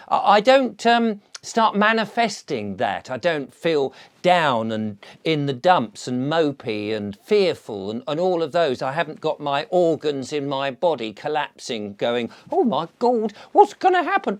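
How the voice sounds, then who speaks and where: A man's voice: fairly high pitch, very animated, moderate pace, hardly any pauses. An older English man talking to camera in a chatty, theatrical monologue, slipping into comic voices. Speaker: vlogger.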